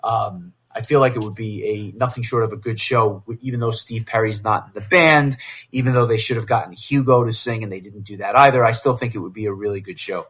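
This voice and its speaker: A man co-hosting a music podcast, talking in a steady, conversational way. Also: fairly low pitch, brisk, breathy edge. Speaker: podcast co-host. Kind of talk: casual chat.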